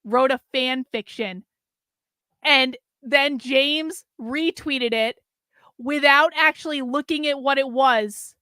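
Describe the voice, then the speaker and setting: A woman host reads a comic story aloud and then comments on it in a dry, deadpan way. She speaks slowly in a fairly high voice. The sound is close and dry. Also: no echo.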